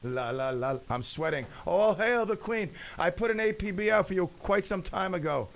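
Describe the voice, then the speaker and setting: A man hosting a radio show, telling rambling comic stories in a loud, animated way. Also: high voice, normal speed, creaky, few pauses. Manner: loud, rambling storyteller who acts out the people in his stories. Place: radio studio.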